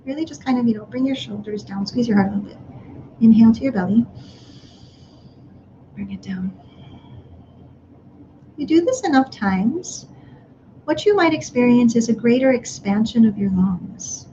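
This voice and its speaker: A woman speaking to parents in a live online workshop, gently guiding them through breathing exercises. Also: on the high side, animated, normal speed, long pauses, lo-fi sound, background noise.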